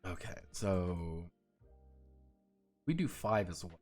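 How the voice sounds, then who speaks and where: Male streamer, animated pitch, curses a lot, laughs hard at his own stories, faint music behind. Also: slow pace. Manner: swears freely, laughs hard telling stories. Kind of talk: casual stream chat. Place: home streaming setup.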